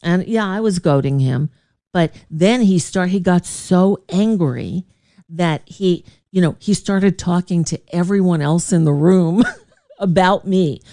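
A woman's voice: medium pitch, animated, measured pace, a little mellow, no echo, clean studio sound. A woman radio host telling a story in a casual, digressive way, often laughing and reacting to a live chat.

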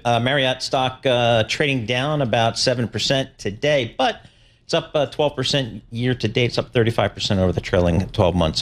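A man's voice: on the low side, slight background noise. A man hosting a business news interview, asking questions in a casual, conversational way. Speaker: host.

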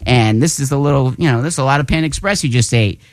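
A man, a comedian on a talk show, spins a personal story in a relaxed, chatty way. His voice sits in a middle register and is miked close and dry. He slips into other people's voices for quotes and laughs along. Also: medium pitch, fast, dry recording. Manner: animated storyteller acting out quotes, laughs often. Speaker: guest comedian.

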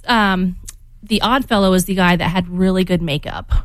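A woman's voice: fairly low pitch, moderate pace, dry recording. A woman, a mother, answering interview questions casually and hunting for her words. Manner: hesitant, searching for words. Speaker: guest, mother.

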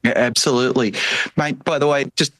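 A man's voice: medium pitch, a little fast, no room sound. Male economist guest, dry close sound, easygoing. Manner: relaxed, jokey asides, hesitant restarts. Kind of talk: casual conversational commentary.

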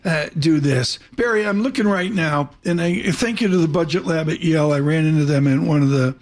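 A man with a fairly high voice hosts a live financial broadcast. He talks quickly and casually, hopping from market numbers to his guest without pausing. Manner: quick, chatty, jumps between topics. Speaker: radio and TV markets host.

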